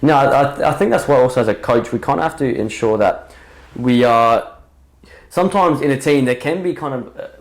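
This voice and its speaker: A man's voice: mid-range voice, a little fast. A man hosting a podcast in a chatty, jokey way and talking about coaching. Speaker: podcast host, football coach. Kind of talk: casual podcast chat. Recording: echoey room.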